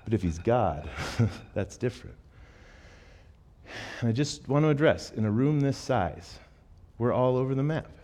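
Animated storytelling pastor, man. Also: mid-range voice, a little slow, long pauses. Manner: animated, jokey storytelling with acted-out quotes. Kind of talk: sermon with storytelling. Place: church auditorium.

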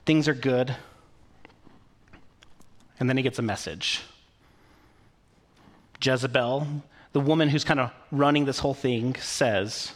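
A man's voice: medium pitch, steady tone, unhurried, long pauses. A man preaching a sermon in a conversational, storytelling way, with occasional fillers. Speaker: pastor.

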